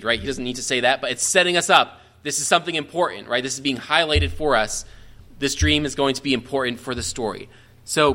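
Bright-voiced man teaching Bible study. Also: medium pitch, fast talker. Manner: conversational, explanatory, checks in with "right?"; frequent restarts and self-corrections.

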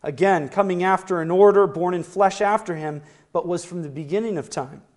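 High-voiced man preaching a sermon. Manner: slow, declaring rise on scripture quotes; asks the listeners questions.

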